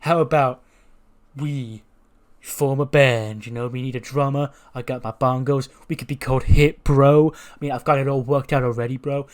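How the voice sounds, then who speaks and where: A man's voice: medium pitch, fairly even intonation, normal speed, natural voice. A man voicing a laid-back stoner male wrestler who drawls and says "bro" constantly.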